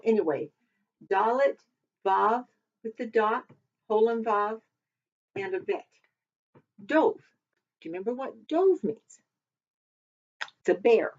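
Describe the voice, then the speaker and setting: A woman teaching a casual Hebrew vocabulary lesson, chatting and thinking aloud as she double-checks her work. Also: mid-range voice. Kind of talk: informal recorded lesson. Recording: dull lo-fi recording.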